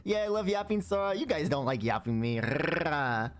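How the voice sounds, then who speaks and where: A man's voice: fairly high pitch, sing-song, moderate pace, over music. A man chatting casually on a livestream, playful and talkative, greeting viewers and humming between repeated words.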